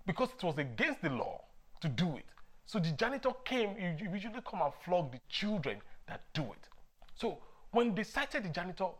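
A lively male preacher weaves childhood stories into his sermon. His voice swings widely in pitch, and he breaks into chuckles and sudden shouts of emphasis as he speaks. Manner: animated, laughs often, shouts for emphasis. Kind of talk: sermon with personal storytelling.

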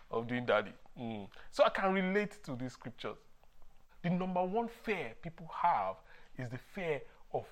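Animated male preacher telling stories. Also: on the high side. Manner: animated, laughs often, shouts for emphasis. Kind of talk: sermon with personal storytelling.

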